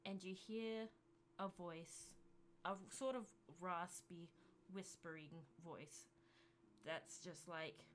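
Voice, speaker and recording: A woman runs a tabletop game, setting each scene in a slow, measured storytelling style. Her voice sits somewhat low, and a faint hum runs underneath. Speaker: game master.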